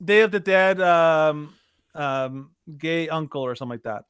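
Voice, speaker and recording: High-voiced man rambling with fillers. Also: clean tone, no echo, clean studio sound. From Latino heritage. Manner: halting, many fillers and restarts, animated when mocking. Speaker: podcast co-host. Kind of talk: casual opinion chat.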